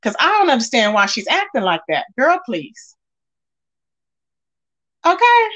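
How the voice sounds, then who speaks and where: Casting: high-pitched woman host, sassy, scolding gossip commentary. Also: huge pitch swings, a little slow, fairly bright tone. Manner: sassy, emphatic, scolding asides. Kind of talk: casual gossip commentary reading chat.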